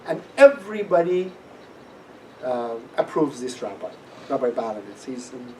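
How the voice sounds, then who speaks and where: Man telling a lively story. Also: medium pitch, measured pace. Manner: animated storytelling, acting out quoted voices. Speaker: guest speaker at a class. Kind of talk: personal testimony talk. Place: classroom. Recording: distant mic with faint room noise.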